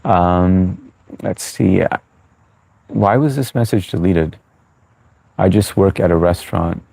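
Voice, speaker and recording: Guy doing a livestream q&a, deep voice, lots of ums, friendly and reassuring, dry sound. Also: takes it slowly, vocal fry, mellow, dry recording. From United States. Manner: chatty, reassuring, reads chat aloud, many fillers. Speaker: livestream host. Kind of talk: live chat Q&A. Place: New York.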